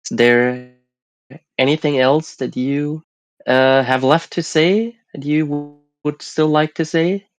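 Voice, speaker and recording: A man hosting a casual stream chat while sick, relaxed and halting with many fillers. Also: on the high side, clear, resonant tone, soft background music. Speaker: host.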